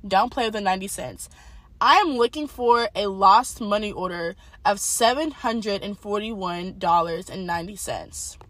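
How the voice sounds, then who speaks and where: A young woman telling a personal faith testimony in a casual, animated storytelling way, talking straight to her viewers. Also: mid-range voice, moderate pace, no echo. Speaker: testimony speaker.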